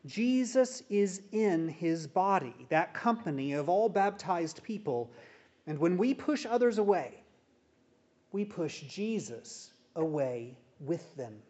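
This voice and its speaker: A man with a high voice delivers a sermon, slow and measured, leaning on pauses for emphasis. The recording is dull and muffled. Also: expressive, darkish tone. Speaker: pastor.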